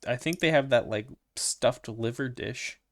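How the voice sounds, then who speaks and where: A man's voice: medium pitch, measured pace. A young man with a Midwestern American accent, co-hosting a casual podcast with dry jokey asides. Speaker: podcast co-host. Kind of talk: casual chat.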